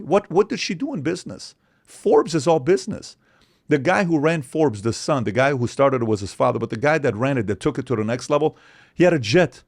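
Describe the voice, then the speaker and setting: A man from Iran, a podcast guest in casual conversation, talking in an animated, emphatic way. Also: mid-range voice, fast talker. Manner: animated, emphatic, acts out other people's voices.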